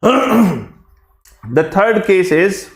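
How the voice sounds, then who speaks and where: A male teacher, giving a live online grammar class and repeating each phrase slowly to drill it. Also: high voice, very animated, echoey room. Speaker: English teacher.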